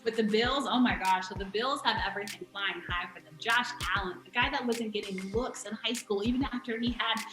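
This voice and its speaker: A woman from the DC area giving an animated, emphatic sports breakdown in casual talk. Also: on the high side, brisk, few pauses, roomy sound, faint music behind, poor audio. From DMV area, US. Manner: animated, emphatic, laughs often. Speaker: guest sports analyst.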